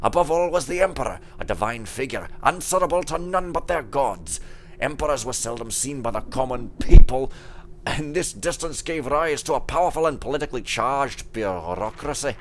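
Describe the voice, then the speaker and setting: A man's voice: mid-range voice, animated, a little hiss or hum, natural voice. A man voicing a formal scholar with an odd accent. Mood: scholarly. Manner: measured and formal.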